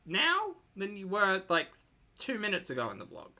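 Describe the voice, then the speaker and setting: A reaction commentator with a very bright, sharp tone and a lively, swooping pitch. The delivery is sarcastic and teasing, full of quick asides. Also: creaky.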